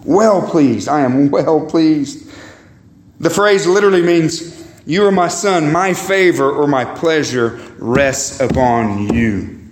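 A man preaching a sermon as pastor, emphatic, repeating words and calling the congregation "guys" and "beloved". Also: roomy sound. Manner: emphatic, swings pitch high and low, repeats words. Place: church sanctuary.

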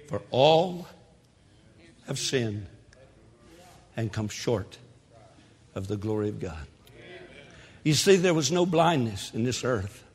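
A man preaching a sermon in a church, animated, with sudden shouts and quick asides. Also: mid-range voice, slightly rough. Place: church sanctuary. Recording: long hall reverb.

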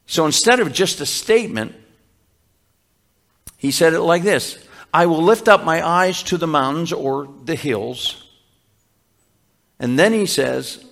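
A man preaches in an unhurried, teaching way, slowing down to lean on each quoted verse. His voice sits a little high for a man, and he often restarts a phrase mid-thought. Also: animated, vocal fry, a bit bright. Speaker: pastor. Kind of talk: sermon.

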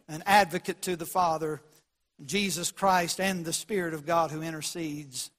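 A man preaching a sermon as pastor, swinging from quiet lows to loud emphatic peaks. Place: church sanctuary.

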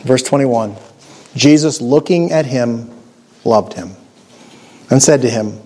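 A man preaching a sermon, earnest and emphatic, letting his voice sink low and soft on key words. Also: fairly even intonation, normal speed. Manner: earnest, emphatic preaching with dramatic drops in volume; acts out scripture quotes in character voices.

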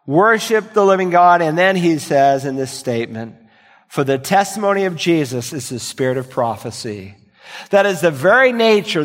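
A male pastor preaching a sermon, swinging from loud emphatic lines to quiet, low asides. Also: big-room sound.

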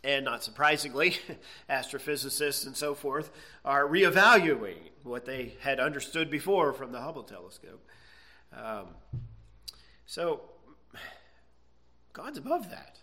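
A man's voice: mid-range voice, big pitch swings, a little slow, long pauses, pushed and bright. A man preaching a sermon, earnest and emphatic, stretching out key words and checking in with "okay?". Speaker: pastor.

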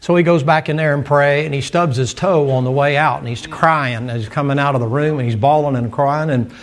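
A man's voice: on the high side, steady tone, brisk. A man preaching a sermon in a folksy storytelling manner with emphatic asides.

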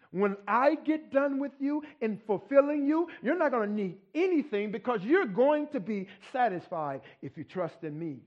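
A man with a high voice delivers a sermon at a slow, unhurried pace. He teaches in an easy conversational way and keeps asking his listeners "right?". The recording sounds dull and lo-fi. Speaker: pastor.

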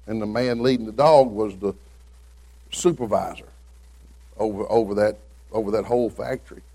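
A man with a low, dark, breathy-edged voice preaches as a visitor, sharing folksy, humorous stories in a Southern Middle Tennessee accent and voicing the people he quotes.

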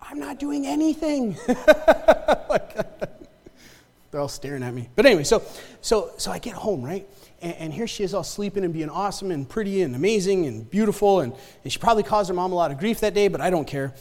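This preacher speaks briskly and expressively in a high voice with a darkish tone. His sermon is conversational, full of repeated words and check-ins like "right?" and "amen?", recorded with long reverb in a church sanctuary.

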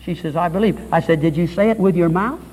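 A man's voice: sits high, quick pace, a little mellow, breathy edge, long reverb tail, rough recording. A man preaching a radio sermon, telling a conversion story and quoting the people in it, building to fervent peaks. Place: church or hall with pulpit.

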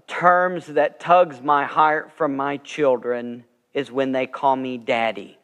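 A man preaching a sermon as pastor, telling stories earnestly and swelling with emphasis. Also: mid-range voice. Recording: long reverb of a large sanctuary.

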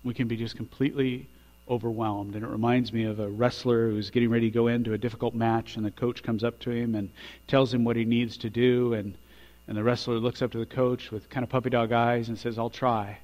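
A man preaches from the pulpit in a mid-pitched voice, swelling to forceful, loud climaxes before settling back down soft at the close of each thought. A low mains hum runs under the whole recording. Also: level tone, brisk. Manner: builds to loud emphatic peaks, drops quiet on endings. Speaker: pastor. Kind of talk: sermon.

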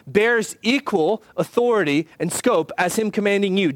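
A pastor preaching a sermon in an earnest, measured way, slowing down to stress key phrases. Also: male voice, high-pitched, animated, no echo. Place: church.

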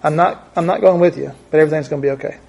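A man's voice: fairly high pitch, fairly even intonation, racing, creaky, warm tone. A man preaching a conversational Bible teaching, thinking aloud and often repeating his words.

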